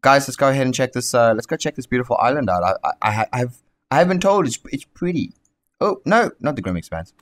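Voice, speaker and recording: A young South African man giving casual gameplay commentary, excitable and quick to swear and rant. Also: medium pitch. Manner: excitable, swears freely, rants heatedly. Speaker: gaming YouTuber.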